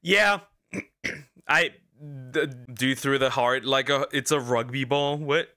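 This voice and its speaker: A man's voice: mid-range voice, takes it slowly, bright, forceful tone. A male streamer reacting casually to a video, blunt and profane.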